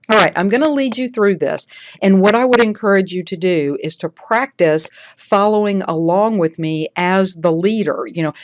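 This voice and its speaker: Measured, coaching woman with low voice. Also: a little mellow. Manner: coaching, measured, deliberate pauses when reciting. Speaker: honor society instructor. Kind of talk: instructional how-to talk with oath reading.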